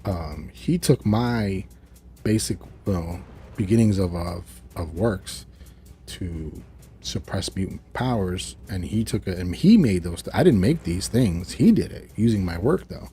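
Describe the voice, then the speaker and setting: Guilty earnest inventor, played by a man, defensive, hurried, low mellow voice. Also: expressive, a little hiss or hum.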